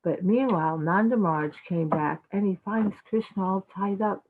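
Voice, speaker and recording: Over a tinny, phone-like call, a mid-range female devotional speaker tells stories at a normal pace. She's animated and chatty, packing her talk with fillers.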